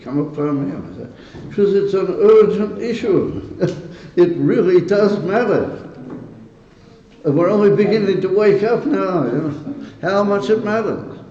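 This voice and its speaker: A man's voice: sits high, mellow, a little hiss or hum. A man, a rabbi leading a Hasidic gathering, teaching in an earnest, emotional way, quizzing his listeners and chuckling between points. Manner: stirred and emotional about the topic. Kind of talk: informal teaching talk to a gathering. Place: synagogue hall. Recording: echoey hall, dull lo-fi sound.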